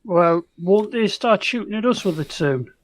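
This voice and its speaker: A man's voice: sits high, animated, normal speed, no echo. A jokey older man chats casually as a player in a tabletop game. His voice comes across dry, with little room sound. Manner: jokey, playful.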